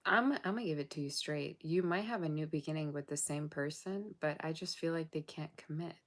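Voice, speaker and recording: A woman's voice: low-pitched, fairly quick. A woman giving a casual tarot reading straight to her viewers, blunt and sassy, tired and yawning late at night. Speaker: tarot reader.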